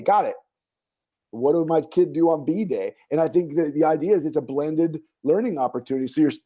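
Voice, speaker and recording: A man's voice: on the high side, mellow. A man hosting a casual online parent forum as a school administrator, riffing animatedly with many fillers and restarts over a video call. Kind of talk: casual online community talk.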